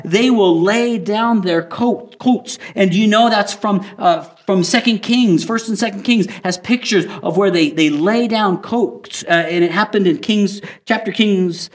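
A man preaching a sermon, his voice pitched a little higher than most men's. He reads scripture slowly and with deliberate emphasis, the way a pastor talks to an online congregation. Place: recorded for online viewers.

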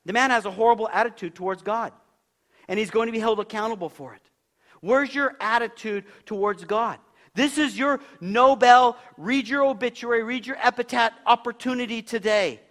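High-voiced pastor preaching. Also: male voice, moderate pace, a bit bright. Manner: conversational preaching, asks the congregation questions. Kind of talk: sermon. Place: church.

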